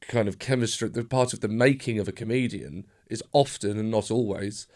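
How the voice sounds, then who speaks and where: A man's voice: lowish voice, brisk, darkish tone. Hesitant, rambling male podcast host. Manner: hesitant, rambling questions with many restarts. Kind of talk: casual interview chat.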